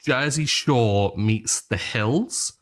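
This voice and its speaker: Relaxed man co-hosting a podcast. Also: mid-range voice, extremely slow. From England. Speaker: podcast co-host. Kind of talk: casual chat.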